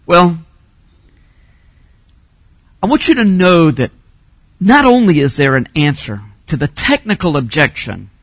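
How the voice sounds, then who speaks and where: A man preaching a sermon as a pastor, teaching Bible points and rising to emphatic shouts on key phrases. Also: on the high side, very animated, a little slow, long pauses, husky, no echo.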